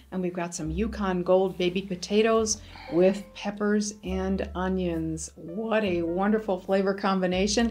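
A woman's voice: mid-range voice, darkish tone. A woman hosting a home cooking show, cheerfully talking the camera through each step of a casual demonstration in her kitchen.

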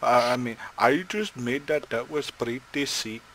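A man's voice: mid-range voice, unhurried, fairly bright tone, a little hiss or hum, low-quality recording. A young man chatting casually with friends while playing a game, joking, laughing often and swearing casually. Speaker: gamer. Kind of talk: casual gaming banter with friends. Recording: music playing under the voice.

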